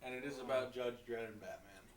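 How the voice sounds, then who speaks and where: A man's voice: medium pitch, fairly even intonation, a little fast. A young man chatting casually as a podcast co-host, rambling and restarting his sentences, often breaking into laughter. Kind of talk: casual chat. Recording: echoey room, far from mic, faint noise.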